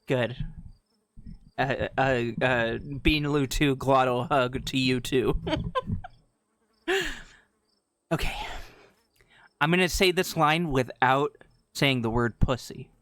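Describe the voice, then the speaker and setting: A man's voice: medium pitch, expressive, slow, long pauses, a bit bright, no room sound. Giggly man streaming a game. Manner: giggly, rambling, playful. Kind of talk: live game stream with chat.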